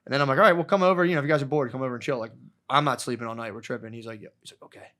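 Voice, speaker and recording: A man's voice: medium pitch, steady tone, racing, bright, forceful tone. Rambling, profane man telling a story. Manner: rambling, profane, acts out quotes. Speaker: podcast co-host. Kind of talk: casual storytelling chat.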